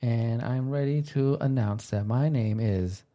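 A man co-hosting a casual podcast, upbeat and chatty, often pausing with "uh". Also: medium pitch, mellow. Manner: upbeat, fills pauses with "uh". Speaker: podcast co-host.

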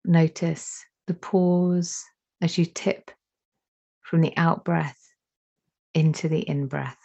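A woman leads a guided meditation in a deep, mellow voice with plenty of vocal fry. She speaks at an extremely slow pace and leaves long, soothing pauses between phrases. The recording sounds dull and slightly lo-fi. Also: steady tone. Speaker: meditation teacher.

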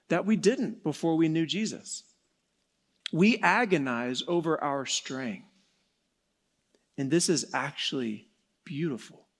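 A man preaching a sermon in an earnest way, slowing and dropping soft for emphasis, then rising again. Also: on the high side. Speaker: pastor.

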